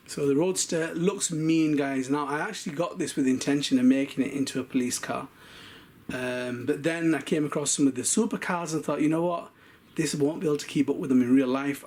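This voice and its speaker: A man's voice: fairly high pitch, darkish tone. Chatty man unboxing toy cars. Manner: chatty and quick, often addressing viewers as guys. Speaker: RC car collector vlogger. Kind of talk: casual unboxing vlog.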